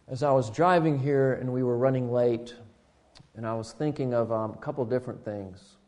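With a medium-pitched voice, this pastor delivers a church sermon full of restarts and repeated words. His delivery alternates between loud, lively passages and quiet lines barely above a whisper.

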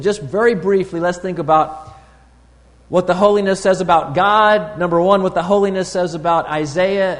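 A preacher whose voice sits a bit high for a man delivers a sermon in a deliberate, teaching tone, pausing and using fillers as he searches for words. The long reverb of a large hall rings around him.

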